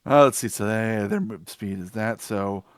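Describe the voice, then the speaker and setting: Dry, even-voiced male game master. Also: on the low side, normal speed, smooth, dry recording. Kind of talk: running a tabletop game over voice chat.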